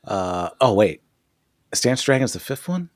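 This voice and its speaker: A man's voice: on the low side, big pitch swings, moderate pace, no room sound, clean studio sound. A man co-hosting a podcast, recapping a TV episode in casual chat, swearing and laughing often. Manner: profane, jokey, laughs often. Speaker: podcast co-host.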